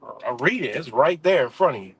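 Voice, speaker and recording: A man's voice: mid-range voice, animated, brisk, fairly bright tone, husky. A man hosting a casual livestream, ranting heatedly and profanely with lots of fillers and restarts. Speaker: livestream host.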